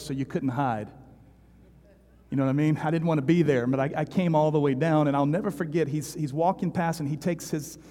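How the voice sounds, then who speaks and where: Animated preacher in an echoing hall. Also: male voice, fairly high pitch. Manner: animated, repetitive, conversational. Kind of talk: sermon with storytelling.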